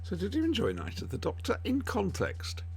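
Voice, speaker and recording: A man's voice: high-pitched, huge pitch swings, normal speed, vocal fry, husky. A man co-hosting a podcast from home, rambling and searching for words in casual chat over a remote call. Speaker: podcast co-host. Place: home, with dogs nearby.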